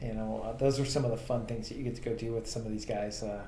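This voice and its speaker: A man's voice: lowish voice, fairly even intonation, fast talker, dark tone. A man co-hosting a podcast, telling rambling anecdotes about his transportation business with lots of fillers. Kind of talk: casual storytelling chat. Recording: echoey room with faint ambient noise.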